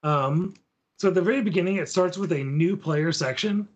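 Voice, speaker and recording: A husky, high-voiced man co-hosts a podcast at a moderate pace. He chats casually about tabletop gaming, taking listeners through the material step by step in an easygoing way.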